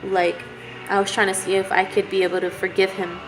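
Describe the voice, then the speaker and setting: A woman telling a painful personal story to camera in a halting, candid way, with many fillers and restarts. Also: medium pitch, level tone. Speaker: vlogger. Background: music playing.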